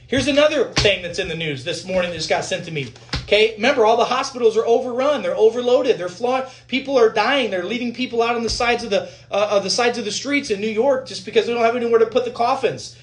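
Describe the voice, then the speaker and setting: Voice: medium pitch, fairly quick, a little hiss or hum. A physician giving a heated, blunt and profane rant to viewers, repeating points for emphasis.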